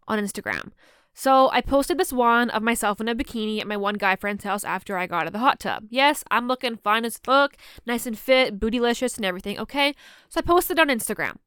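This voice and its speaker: A woman's voice: on the high side, fairly bright tone, clean tone, no room sound, clean studio sound. A woman in her twenties hosting a casual solo podcast, telling stories bluntly with plenty of swearing and frequent laughs. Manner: blunt, profane and laughing often. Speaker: podcast host.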